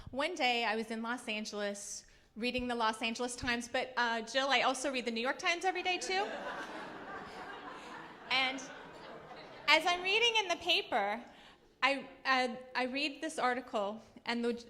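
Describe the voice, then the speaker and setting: A woman's voice: on the high side, sharp tone. A middle-aged woman from Kansas giving an earnest acceptance speech, telling stories with touches of humor. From Kansas, US Midwest. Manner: earnest storytelling with light humor.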